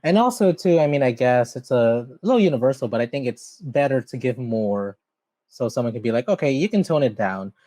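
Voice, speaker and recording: A man's voice: mid-range voice, lively intonation, brisk, dark tone, no room sound. A man hosting a podcast, chatty and upbeat, talking casually with many fillers. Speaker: podcast host. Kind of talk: casual interview chat.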